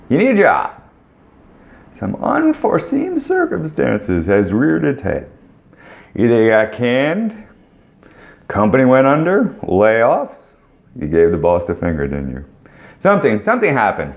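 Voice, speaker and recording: A middle-aged man talks straight to the camera in a loose, rambling monologue, blunt and joking as he hands out career advice. His voice is gravelly, and his pitch leaps and drops with animated swings. He keeps circling back to the same questions. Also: a little slow, long pauses. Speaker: ad agency owner giving career advice. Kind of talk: casual direct-to-camera monologue.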